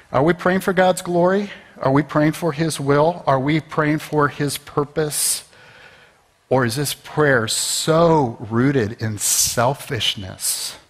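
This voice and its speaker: A man preaching a conversational sermon as pastor, rising to emphatic peaks. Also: on the high side. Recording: long reverb of a large hall.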